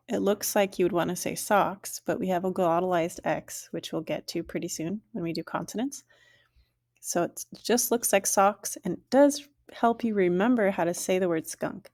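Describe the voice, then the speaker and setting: A woman teaching a language lesson, saying each word slowly and clearly and then repeating it. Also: on the low side, darkish tone.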